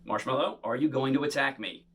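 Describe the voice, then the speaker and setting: A man performing a bubble show for children, talking to them in playful, animated patter. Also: medium pitch, fairly quick, husky. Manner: animated, playful, talks straight to kids.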